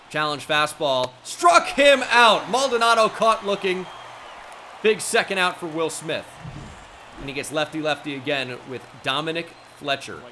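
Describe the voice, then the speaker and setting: Young male gaming commentator, bright voice, casual play-by-play, excitable. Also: medium pitch. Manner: excitable play-by-play, erupting on big plays.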